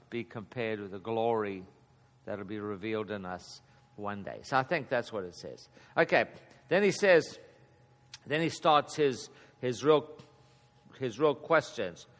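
A man in his fifties teaching a Bible passage in a relaxed, conversational way, chuckling often and getting animated at key points. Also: mid-range voice. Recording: long hall reverb.

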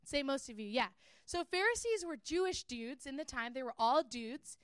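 Bright-voiced young woman teaching the Bible. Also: high-pitched, expressive, normal speed, dry recording, studio quality. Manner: chatty and earnest, with frequent fillers. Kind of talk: casual Bible teaching talk.

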